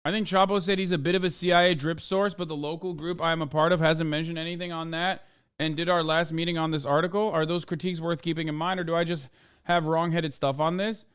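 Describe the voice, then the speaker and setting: A man's voice: fairly high pitch, fairly even intonation, fast talker, smooth. Sarcastic, profane streamer man. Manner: profane, sarcastic, swings loud when mocking. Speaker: streamer reacting to a video. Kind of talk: casual live-stream commentary.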